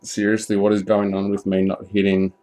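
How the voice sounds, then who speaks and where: A man opening trading card packs live, chatting casually, swearing often and bursting into excited shouts at big pulls. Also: deep voice, fairly quick. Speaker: card break streamer.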